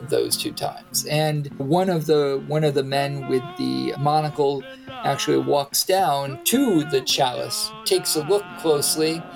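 A man with a voice on the high side runs a tabletop role-playing game as game master, narrating and giving several characters their own voices. He speaks steadily and unhurriedly with vocal fry, over background music on a rough recording.

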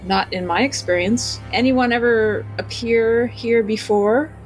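Woman with a dry, deadpan delivery. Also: fairly high pitch, a little slow, faint music behind, rough recording. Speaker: player. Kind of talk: playing a character in a tabletop game.

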